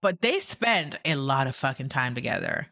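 Bright-voiced, lively woman podcast co-host. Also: a bass voice, moderate pace, dry recording, clean studio sound. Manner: wry, incredulous commentary with quoted asides. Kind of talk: casual recap chat.

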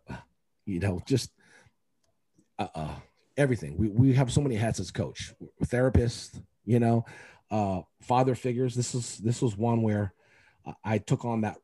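A man with a low, dark, husky voice talks in a loose, rambling way on a casual podcast, full of fillers and restarts. He is a youth coach who speaks with open emotion. The sound is dry and close to the mic. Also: dry recording.

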